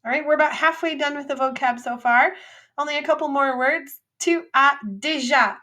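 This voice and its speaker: A woman teaching a recorded French vocabulary lesson, drilling phrases with clear, upbeat repeat-after-me prompts. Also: high-pitched, fairly even intonation, brisk, fairly bright tone.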